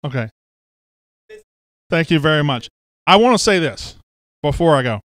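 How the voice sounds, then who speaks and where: A man hosts a loose, joking show, ribbing the crew in a smooth, fairly high voice. The sound is close and dry, with no room echo. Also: animated, moderate pace, a bit bright. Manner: joking, teasing, rambling. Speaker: host. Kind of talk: casual show chat. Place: studio office.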